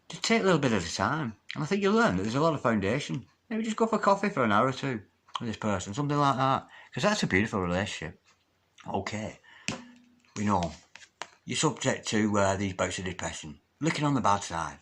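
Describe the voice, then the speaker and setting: Expressive male tarot reader, chatty and emphatic. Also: lowish voice, fairly quick, breathy edge. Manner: swings between loud exclaiming and hushed near-whispers; chatty, encouraging, repeats pet phrases. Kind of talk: solo tarot reading to viewers.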